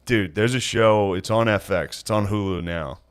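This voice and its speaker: A man with a fairly low voice chats in loose podcast banter, cracking jokes and laughing often. He sounds relaxed and easygoing throughout. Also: moderate pace, clean tone. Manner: laid-back, joking banter with frequent laughs. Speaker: podcast co-host. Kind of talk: casual chat.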